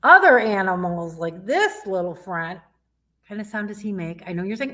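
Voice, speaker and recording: A woman's voice: medium pitch, animated, normal speed, pushed and bright. A woman youth librarian from Michigan leading a children's story time in a sing-song way. She asks her young listeners questions and imitates animal sounds.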